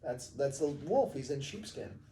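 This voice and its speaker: A woman reading a bedtime story aloud to a child, gentle and expressive. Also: a bass voice, a little slow. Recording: roomy echo, distant mic.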